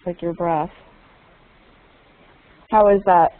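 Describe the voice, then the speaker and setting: A woman's voice: fairly low pitch, steady tone, slow pace, long pauses, background noise. A woman teaching an online English class, patiently repeating her questions and explaining new words to her students. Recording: tinny phone-like audio.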